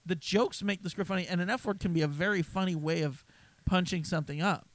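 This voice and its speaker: A man's voice: high voice, quick pace, a bit bright, dry recording. Sarcastic male movie-review co-host. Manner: sarcastic, exasperated, mocking voices when retelling scenes. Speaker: podcast co-host. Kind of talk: casual movie review chat.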